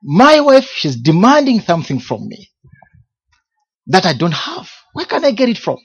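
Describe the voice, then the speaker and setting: Male minister giving a testimony sermon, emphatic with rhetorical questions, husky voice, muffled lo-fi sound. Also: high-pitched, huge pitch swings, normal speed. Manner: emphatic, repeats key words, rhetorical questions. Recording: dull lo-fi recording.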